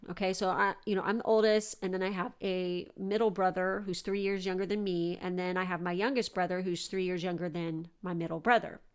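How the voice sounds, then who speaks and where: Woman, young adult, podcast host, casual storytelling, animated, swears a lot, medium pitch.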